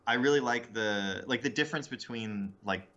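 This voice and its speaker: Bright-voiced man, joking comedian. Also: on the low side, normal speed, muffled recording. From Salem, Oregon, USA. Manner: chatty, rambling, laughs into jokes. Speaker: guest comedian. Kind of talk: casual podcast banter.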